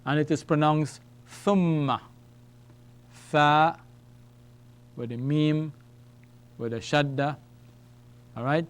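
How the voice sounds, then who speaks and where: Slow, deliberate male Arabic teacher. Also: on the high side, fairly even intonation. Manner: slow, deliberate, repeats words for students to follow; ends phrases with "all right?" and "okay?". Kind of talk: classroom lesson at a whiteboard.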